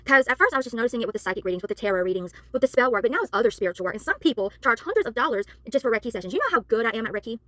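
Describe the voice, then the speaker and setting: A tired, worn-out woman who works as a spiritual worker and tarot reader, ranting to camera in a heated, exasperated way and apologizing for yelling. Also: on the high side, animated, racing, few pauses, dry recording.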